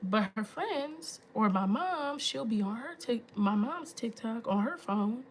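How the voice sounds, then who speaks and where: A woman in her thirties hosting a phone livestream, telling a story to her viewers in an exasperated, animated way with emphatic asides. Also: on the high side, unhurried, a little hiss or hum. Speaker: livestream host.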